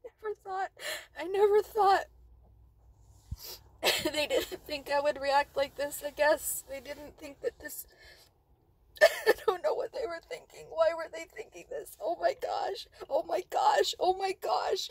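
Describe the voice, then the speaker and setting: A woman talking to her camera in an unscripted video diary, emotional and tearful, repeating herself as she calms down. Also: extremely high pitch, slow, long pauses. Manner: emotional, repeats herself, cries and self-soothes. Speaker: vlogger.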